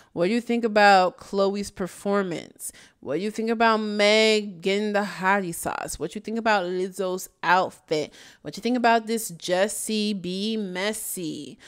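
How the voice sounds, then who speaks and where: Casting note: woman host, sassy and chatty, smooth clear voice, mid pitch. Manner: chatty, sassy, laughs often. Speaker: YouTube commentary host. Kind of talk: casual chat.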